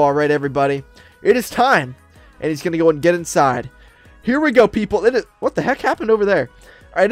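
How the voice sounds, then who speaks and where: Man, excited gameplay narration, chatty with fillers, bouncy pitch, faint music behind. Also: no echo. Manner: upbeat, chatty, many fillers, talks to viewers and players. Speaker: Roblox roleplay YouTuber.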